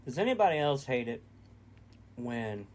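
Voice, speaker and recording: A man's voice: medium pitch, sing-song, moderate pace. A man co-hosting a reaction video in casual chat, blunt and opinionated, swearing freely.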